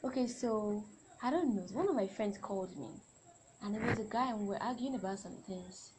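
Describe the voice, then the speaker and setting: A woman's voice: medium pitch, fairly quick, noisy background. A young adult woman hosting a solo podcast, talking in a chatty, rambling way and often correcting herself. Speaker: podcast host.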